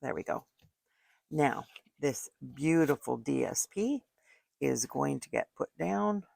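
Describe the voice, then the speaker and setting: Gravelly-voiced older woman crafting. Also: very deep voice, expressive, takes it slowly, darkish tone, no room sound, studio quality. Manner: chatty, thinking aloud while working. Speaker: card-making crafter. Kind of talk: casual crafting tutorial. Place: home craft room. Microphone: desk microphone.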